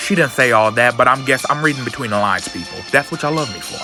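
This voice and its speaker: A man's voice: mid-range voice, quick pace, few pauses, over music. A man hosting a sassy, campy comic book recap full of slang and asides. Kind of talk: sassy comedic story recap.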